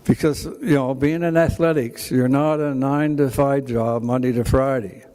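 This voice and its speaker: An older Canadian man with a Canadian accent, giving an emotional, halting acceptance speech at a hall of fame ceremony, full of restarts. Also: mid-range voice, steady tone, mellow, clean tone. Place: banquet hall.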